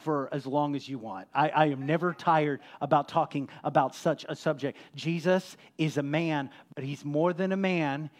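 A middle-aged man preaching an impassioned sermon as a pastor, swelling to loud emphatic peaks and then dropping low and soft. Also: steady tone, normal speed, few pauses.

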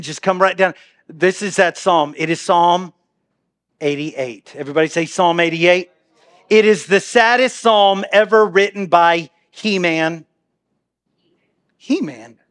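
A man with a fairly high voice delivers a sermon from a church pulpit. He keeps it humorous and conversational, swinging between booming readings and hushed, quiet asides. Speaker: pastor. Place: church sanctuary.

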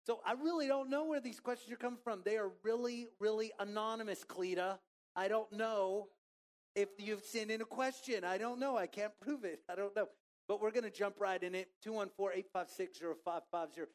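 A man preaching a sermon to a church congregation in a relaxed, conversational way, joking with the people in the room. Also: high-pitched, brisk. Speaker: pastor. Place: church auditorium.

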